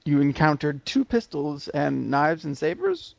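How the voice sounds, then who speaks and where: A male player at a tabletop role-playing game, hesitant and questioning. His voice is gravelly and a little high, recorded dry and close. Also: big pitch swings, unhurried, no room sound. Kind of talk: tabletop role-play chat.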